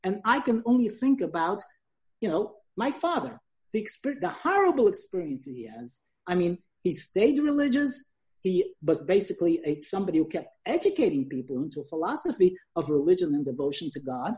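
An older woman giving a lecture, telling an anecdote in an animated, conversational way. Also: on the low side, a little fast.

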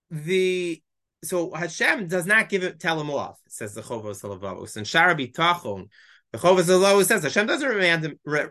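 Teacher, bright clear voice, walks through verses, keeps asking "why?" then answering. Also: mid-range voice. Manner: explanatory, poses rhetorical questions, reads Hebrew verses aloud. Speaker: Bible teacher. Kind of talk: weekly text-study lesson.

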